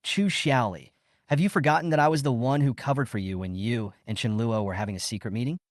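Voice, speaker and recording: A man's voice: mid-range voice, fast talker, no echo, studio quality, close to an everyday voice. A man voicing a spiteful, panicky young woman. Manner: sharp and defensive.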